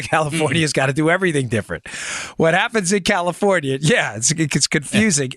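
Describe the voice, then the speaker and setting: A man hosting a political talk podcast, talking casually and animatedly, with quick asides and sudden raised emphasis. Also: no echo, clean studio sound. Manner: animated, conversational, swings between low asides and high emphasis. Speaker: podcast host. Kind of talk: political talk show with ad read.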